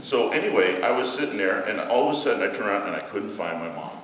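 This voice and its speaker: A man's voice: lowish voice, lively intonation, fast. Man telling children a story in an echoey church. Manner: gentle storytelling to children, asking questions. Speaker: church children's message leader. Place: large church hall. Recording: echoey hall, mic far off, room noise.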